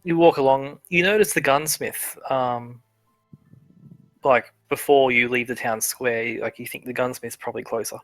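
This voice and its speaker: A man's voice: medium pitch, fairly even intonation, moderate pace, fairly bright tone, no room sound, soft background music, rough recording. Man, streaming game master; easygoing, restarts often, dry room. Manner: casual, laughing often, many restarts. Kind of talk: narrating a tabletop game. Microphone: headset or desk mic, streaming.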